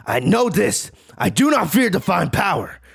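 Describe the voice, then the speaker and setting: A man voicing an arrogant male alien villain from a comic, reading his lines aloud in a lower voice. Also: sing-song, moderate pace, creaky, husky, dry recording, clean studio sound, full character voice. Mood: defiant.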